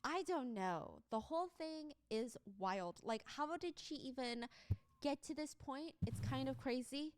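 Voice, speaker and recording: A woman's voice: sits high, measured pace, no room sound. Dry-voiced woman streamer telling a story. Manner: animated retelling, reading out quotes.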